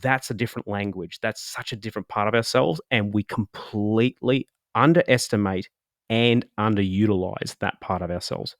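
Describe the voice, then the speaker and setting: A man with a fairly low voice talks as a podcast guest. His delivery is casual and animated, and he keeps acting out short quoted voices. The sound is dry and close, with no room echo. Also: moderate pace. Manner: animated storytelling, acts out little quoted voices. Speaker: guest speaker. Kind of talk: casual explanatory talk.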